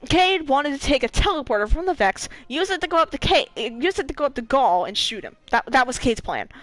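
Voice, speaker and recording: A lively young woman streamer retells a game's story in a casual, rambling way, cursing freely and breaking into laughs. Her pitch swings all over, and her voice sits fairly high. The sound is close and dry. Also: dry recording. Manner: animated, swearing, laughing asides. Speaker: gaming streamer.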